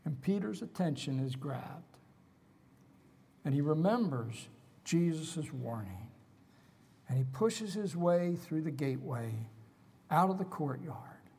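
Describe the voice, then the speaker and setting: A man's voice: fairly high pitch, lively intonation, takes it slowly, pauses often, breathy edge. Dramatic preacher man in a reverberant hall. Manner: dramatic, swings from loud emphasis to hushed whispers. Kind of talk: sermon.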